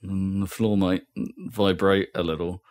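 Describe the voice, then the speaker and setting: Man, low voice, casual podcast chat, rambling and laughing. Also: flat delivery, unhurried, a little mellow. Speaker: podcast co-host.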